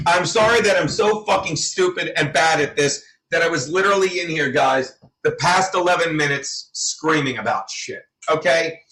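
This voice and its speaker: Man, livestream host, angry profane rant, high-pitched, bright edgy tone, roomy echo, set back from the mic. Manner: furious, profane, loud outbursts. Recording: roomy, from a distance.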